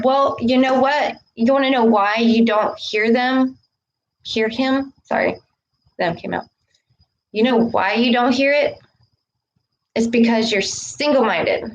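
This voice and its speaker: A woman giving a casual spiritual talk to camera, preaching with a steady stream of "okay" and "all right". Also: fairly high pitch, slow pace, low-quality recording. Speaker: spiritual vlogger.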